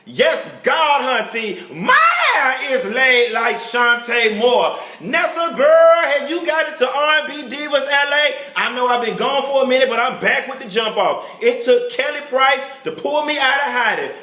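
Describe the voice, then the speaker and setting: A man giving a campy, catty review of a reality show, heavy on slang and drawn-out exclamations. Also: extremely high pitch, expressive, bright, forceful tone, reverberant. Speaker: celebrity gossip vlogger.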